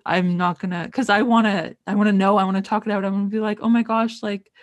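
A woman's voice: mid-range voice, fast, no room sound. A woman co-hosting a casual chat, telling stories with animation and acting out what people said. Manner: animated storytelling, acts out quotes.

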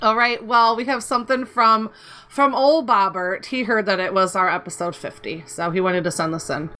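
A woman's voice: mid-range voice, normal speed, sharp tone. A woman hosting a casual gaming podcast, upbeat and giggly as she reads out welcomes. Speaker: podcast host.

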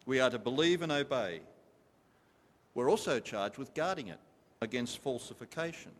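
A man's voice: mid-range voice, lively intonation, normal speed. A man preaching a sermon to a congregation, emphatic and repetitive, stopping to ask them questions. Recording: long reverb of a large hall.

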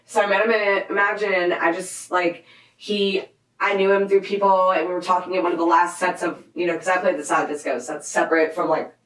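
A young woman in her twenties, a DJ, chatting casually on a podcast, animated and swearing freely. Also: on the low side, brisk, reverberant, poor audio. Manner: animated, swearing, lots of likes. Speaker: DJ guest.

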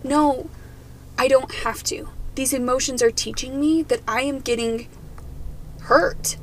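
Earnest woman co-host, reflective and emotional, a touch high-pitched, light background hiss. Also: steady tone, a little slow, rough recording. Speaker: podcast co-host. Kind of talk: casual podcast chat.

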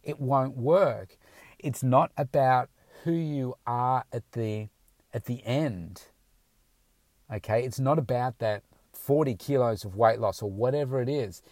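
A man coaching his listeners in an emphatic, motivational way, driving points home with repeated affirmations. His voice sits at an ordinary middle pitch. The recording is dry and close, with no room sound. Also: unhurried, darkish tone, no echo. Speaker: weight-loss coach. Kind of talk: motivational talk.

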